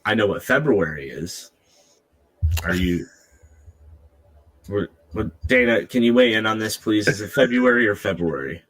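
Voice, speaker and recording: A man with a very low voice co-hosts a casual podcast. He rambles and teases the others in an easy, loose way. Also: unhurried, long pauses, fairly bright tone. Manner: rambling, teasing. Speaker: podcast co-host.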